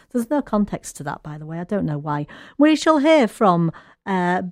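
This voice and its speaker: Woman, radio host, playful quiz chat, bouncy lively pitch. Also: normal speed, dry recording, clean studio sound. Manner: chatty, playful, teasing. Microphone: studio microphone.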